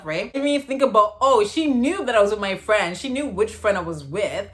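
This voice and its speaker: A woman's voice: a little high, normal speed. A woman in her thirties from Canada, chatting animatedly as she tells a storytime vlog. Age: 30s. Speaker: vlogger.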